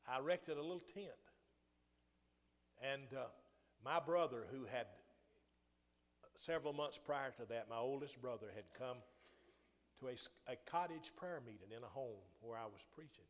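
An older man preaching a sermon, telling a personal story with restarts and rising emphasis. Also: mid-range voice. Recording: long hall reverb.

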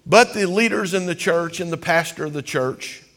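A man preaching a sermon as pastor, building to loud, impassioned cries. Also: a little high, normal speed, in a large hall.

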